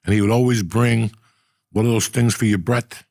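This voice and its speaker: A middle-aged man telling profane stories in a casual, animated way, acting out the people he quotes. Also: on the low side, moderate pace, creaky, no echo, studio quality. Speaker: podcast host. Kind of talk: casual storytelling.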